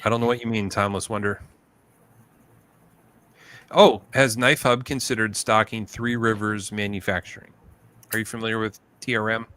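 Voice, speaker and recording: A man's voice: fairly low pitch, steady tone, normal speed, pauses often, sharp tone, smooth. A man hosting a livestream in casual chat, telling easygoing stories and acting out quotes. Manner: easygoing storyteller, acts out quotes. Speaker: livestream host.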